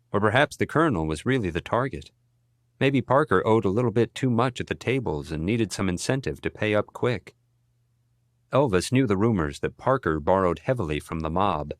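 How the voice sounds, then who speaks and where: Deep-voiced man reading an audiobook. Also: expressive, normal speed, dry recording, studio quality. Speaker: audiobook narrator. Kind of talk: scripted narration.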